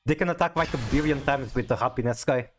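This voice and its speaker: While playing a card game on a live stream, a man talks loosely with viewers, reads their chat out loud, and stammers whenever he restarts a sentence. He speaks quickly at a medium pitch. Soft music plays in the background.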